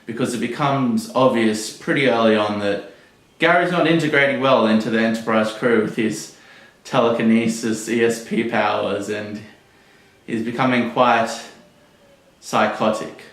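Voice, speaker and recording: A man gives casual, blunt commentary on an episode, swearing freely and joking as he goes. His voice is mid-pitched. The room gives it a clear echo. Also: normal speed. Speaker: podcast host reviewing an episode. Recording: roomy echo.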